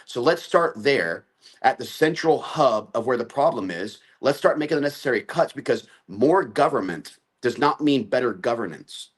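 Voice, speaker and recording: A man's voice: mid-range voice, lively intonation, moderate pace, husky. A man speaking as a guest on a political talk show, listing his points in long assertive runs.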